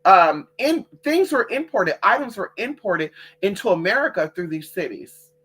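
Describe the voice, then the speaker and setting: Bright-voiced woman ranting on a livestream. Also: medium pitch, big pitch swings, normal speed, breathy edge. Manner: profane, blunt, talks straight to viewers; reads out and answers chat comments. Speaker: livestream host. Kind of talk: casual livestream rant.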